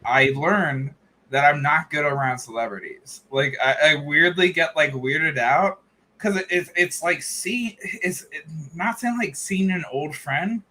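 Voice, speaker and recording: Bright, chatty male podcast host. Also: fairly high pitch, a little hiss or hum. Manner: rambling, laughs often, many fillers and restarts. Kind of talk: casual chat.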